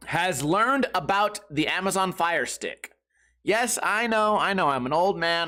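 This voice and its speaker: Brief: male comedy podcast host, lively swooping pitch, profane ranting delivery. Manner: animated, profane storytelling with shouted outbursts. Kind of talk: comedic rant.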